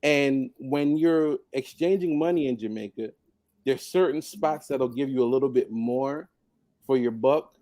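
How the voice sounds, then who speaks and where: A man telling a personal story on a podcast in a casual, animated way, laughing often and mimicking others. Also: medium pitch, measured pace, no echo. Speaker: podcast guest.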